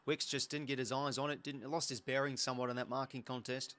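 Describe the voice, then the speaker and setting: An Australian man hosts a live football watch-along, calling every passage of play in a quick, chatty way. He gets excitable when the action picks up, with a mid-pitched voice. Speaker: host.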